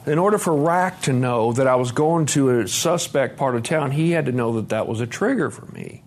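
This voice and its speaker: A middle-aged man telling his own story at a recovery conference, candid and self-deprecating, swearing freely and dropping low and quiet on heavy points. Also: normal speed. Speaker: recovery meeting speaker. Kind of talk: personal testimony talk. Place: conference meeting room with live audience.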